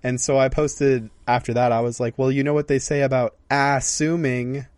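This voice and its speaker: A man's voice: medium pitch, little pitch movement, normal speed, a little mellow. A young man rambles through stories as a podcast co-host, often breaking off and starting his sentences again. His voice sits in the middle range, and the sound is dry and close with no room echo. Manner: rambling, self-interrupting storyteller. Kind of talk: casual chat.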